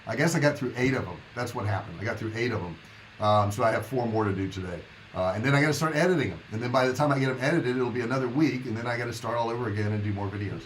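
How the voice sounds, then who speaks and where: A man of ordinary pitch hosts a live stream and chats loosely with his viewers. His talk rambles in a friendly, unscripted way. A faint noise sits under the voice. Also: racing, poor audio. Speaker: livestream host. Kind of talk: casual live-stream chat.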